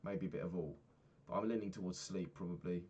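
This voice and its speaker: A young man, a personal trainer, candidly recapping his week and swearing freely, getting animated when retelling annoyances. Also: low-pitched, fast talker, breathy edge. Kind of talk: casual vlog recap.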